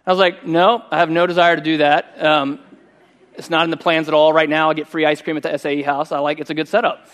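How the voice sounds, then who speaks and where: A middle-aged man preaching a sermon, telling a personal story in a conversational, animated way. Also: fairly high pitch, fast talker. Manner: conversational and animated, voicing quoted speech. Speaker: pastor.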